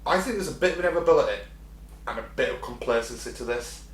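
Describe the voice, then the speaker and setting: A man's voice: medium pitch, animated, rapid-fire. A man co-hosting a casual podcast chat, swearing, laughing and acting out animal voices. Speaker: podcast co-host. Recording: echoey room with faint hum.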